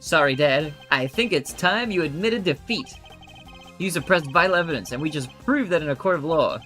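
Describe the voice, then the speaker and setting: An earnest young prosecutor, as a man reads him, steady and heartfelt. The voice stays lower and softer, with lively pitch. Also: moderate pace, faint music behind.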